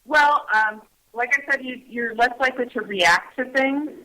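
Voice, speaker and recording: A woman guest on a radio talk show who explains things gently and hesitantly, with many pauses and restarts. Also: sits high, rough recording. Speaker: guest on mindfulness. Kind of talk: casual radio chat.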